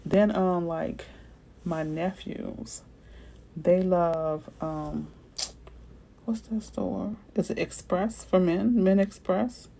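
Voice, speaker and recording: A woman realtor from Florida chatting casually with viewers on a livestream, animated and slangy, answering their comments as they come in. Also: fairly low pitch, slow, creaky, slight background noise, rough recording.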